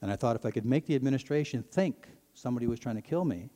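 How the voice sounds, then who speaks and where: A middle-aged man from Ontario, earnestly telling his personal faith testimony to an audience, his voice climbing when he gets excited. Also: mid-range voice, fast talker. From Ontario, Canada. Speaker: speaker sharing his testimony. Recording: long hall reverb.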